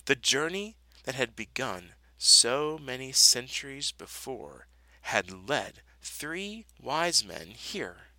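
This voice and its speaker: A man reading a children's Bible story aloud with an expressive, dramatic storybook delivery. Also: medium pitch, slow pace, no room sound, rough recording. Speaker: storybook reader.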